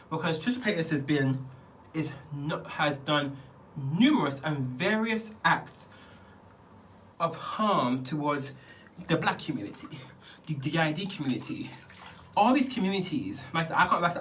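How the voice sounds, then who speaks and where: A man's voice: a little high, fairly bright tone, slight background noise. Chatty man talking from a distance. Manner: rambling, chatty, calls listener "girl", laughs often. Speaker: beauty vlogger. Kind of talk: casual commentary while doing skincare.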